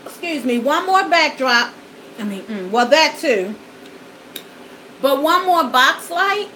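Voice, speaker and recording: A woman's voice: high voice, bright, forceful tone, a little hiss or hum, low-quality recording. A woman vlogger chatting folksily to her viewers while eating, at home in front of a backdrop and studio lights. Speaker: mukbang vlogger.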